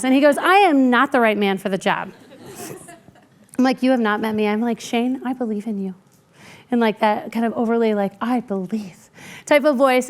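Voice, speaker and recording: A woman speaking as a keynote speaker, telling workplace stories conversationally and acting out what people said in quieter voices. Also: high-pitched. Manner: lively, acts out quoted people in quieter voices; conversational with frequent "like" and "right?". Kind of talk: keynote storytelling.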